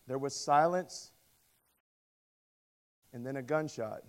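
A man preaching a sermon, telling stories and acting out quoted voices with lively emphasis. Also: fairly high pitch, normal speed. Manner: storytelling with dramatic voiced quotes; animated, rising loud on emphasis. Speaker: pastor.

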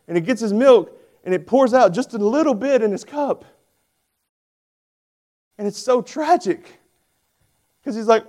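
A man in his forties preaching a sermon as pastor, with animated, emphatic storytelling. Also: very high voice, a little slow, long pauses.

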